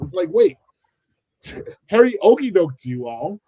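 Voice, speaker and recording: Man, commentary host, dark tone, slightly high, dry room, animated, quotes people in voices. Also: normal speed, long pauses, no room sound, low-quality recording. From United States. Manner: animated, acts out quoted voices, many restarts. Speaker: channel host. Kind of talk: casual commentary chat.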